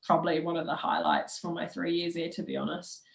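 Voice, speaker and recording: A woman's voice: lowish voice, little pitch movement, brisk, vocal fry, reverberant, a little hiss or hum, rough recording. A young woman telling stories as a guest on a casual podcast, laughing often and using lots of fillers.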